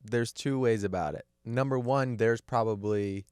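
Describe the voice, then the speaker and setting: A man's voice: fairly low pitch, a little mellow, clear, resonant tone, dry recording, studio quality. A man co-hosting a podcast in casual chat, riffing with crude jokes. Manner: crude, joking, drawn-out riffing. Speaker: podcast co-host.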